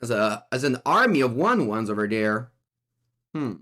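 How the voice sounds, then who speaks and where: A man's voice: mid-range voice, big pitch swings, normal speed, bright, forceful tone. A man with an Italian accent giving live, chatty commentary as he plays, talking to himself and to his chat. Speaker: streamer.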